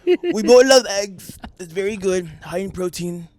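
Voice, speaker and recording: A man's voice: high voice, a little slow, darkish tone, no echo, pitched above the performer's own voice. A man putting on a pompous, boastful older male politician who brags in repetitive superlatives.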